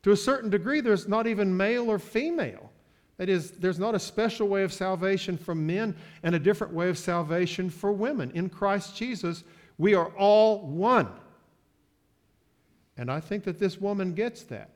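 A man preaching a sermon, moving from quiet asides to loud, drawn-out declarations. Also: high voice. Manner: slow, emphatic preaching with sports metaphors; swings from soft asides to loud, stretched-out declarations. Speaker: pastor.

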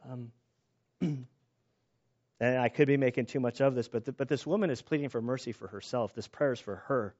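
Man, slightly high voice, conversational Bible teacher, earnest and thinking aloud, dull lo-fi recording.

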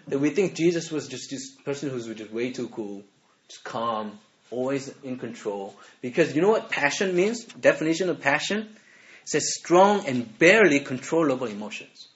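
Animated man preaching, lo-fi sound. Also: fairly high pitch. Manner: animated, laughs often, keeps asking "right?". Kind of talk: sermon to a youth group. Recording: dull lo-fi recording.

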